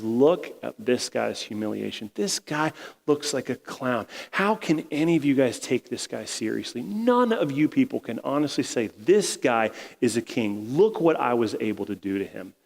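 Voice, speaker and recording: A man's voice: mid-range voice, creaky, big-room sound. A male pastor preaching a sermon in a casual, conversational way, retelling scripture in everyday slang.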